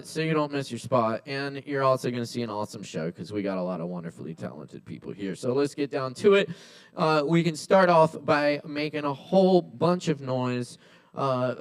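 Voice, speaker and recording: A man's voice: a little high, smooth. A man hosting a live open mic at a kava bar, loose and joking, swearing casually as he calls up performers.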